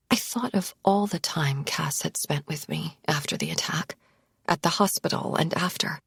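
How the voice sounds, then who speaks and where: A woman narrates a first-person psychological thriller in a hushed, tense, low-key voice with a gravelly, husky grain. The sound is close and completely dry. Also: moderate pace, no echo, whispered. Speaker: audiobook narrator.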